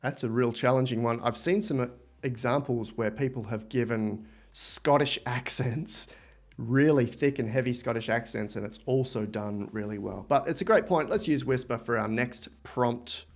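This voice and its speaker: A man's voice: mid-range voice, moderate pace. Enthusiastic Australian man hosting a livestream. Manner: enthusiastic, thinks aloud while typing. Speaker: livestream host. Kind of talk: live software demo.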